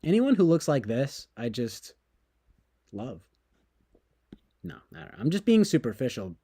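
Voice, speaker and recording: A man's voice: fairly high pitch, sing-song, quick pace, mellow, husky, no room sound, studio quality. A man streaming, talking casually in a sarcastic, mocking and rambling way.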